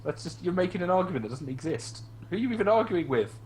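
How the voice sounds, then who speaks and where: A man's voice: high voice, big pitch swings, fast talker, a little mellow, a little hiss or hum. A man in a casual online group discussion, talking heatedly with swearing and mocking the voices of people he argues against. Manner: heated, profane, mimics opponents in mocking voices.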